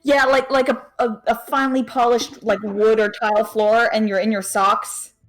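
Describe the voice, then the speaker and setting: A woman's voice: a little high, flat delivery, normal speed, soft background music, low-quality recording. A bubbly, giggly woman playing a tabletop game, often cheering her character on. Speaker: player.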